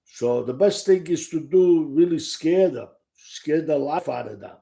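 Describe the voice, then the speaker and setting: Older Sicilian man with gravelly drawl. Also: fairly high pitch, animated, measured pace, warm tone. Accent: Sicilian Italian. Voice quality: swears freely, rambling with many restarts. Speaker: author and storyteller. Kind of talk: casual first-person storytelling to the camera.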